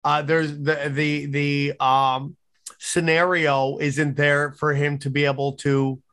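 A man's voice: fairly high pitch, level tone, takes it slowly, a bit bright. A man co-hosting a finance talk show, blunt, profane and opinionated. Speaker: co-host. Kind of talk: casual podcast chat.

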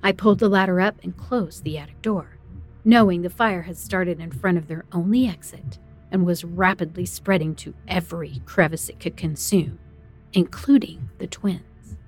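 Breathy woman narrating horror. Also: fairly low pitch, normal speed, darkish tone, soft background music. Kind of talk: first-person horror story narration.

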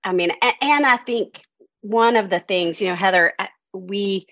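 A woman's voice: medium pitch, measured pace, fairly bright tone, no room sound, lo-fi sound. A woman, a counselor and camp director, speaking candidly and reflectively in a podcast conversation.

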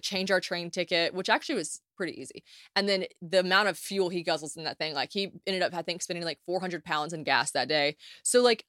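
A woman's voice: on the low side, no room sound. Chatty young woman podcast host, dry close sound. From United States. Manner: chatty, animated storytelling with swearing and acted-out quotes. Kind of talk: casual solo podcast chat.

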